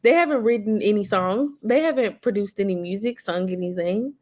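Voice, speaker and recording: A woman's voice: mid-range voice, brisk, darkish tone. A woman from Boston co-hosting a podcast, talking in blunt, slangy casual chat. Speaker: podcast co-host.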